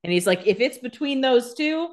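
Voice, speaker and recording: A woman's voice: on the high side, animated, moderate pace. A young woman co-hosting a casual chat, adding joking asides about the characters. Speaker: podcast co-host.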